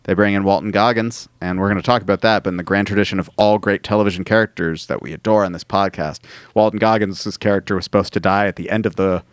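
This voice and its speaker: A man chatting on a podcast, telling stories in a lively way and slipping into little voices for people he quotes. His voice is smooth and resonant. The sound is dry and close. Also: lowish voice, fast talker, no echo. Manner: animated storyteller who slips into quoted voices. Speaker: podcast host. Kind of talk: casual chat.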